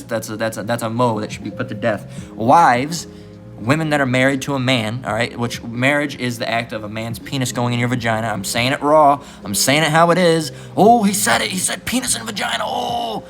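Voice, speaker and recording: A man delivers a blunt, crude preaching rant at an ordinary middle pitch with a fairly bright tone, swearing freely. He tacks a questioning "all right?" onto nearly every point, repeating it constantly, while faint music plays beneath him.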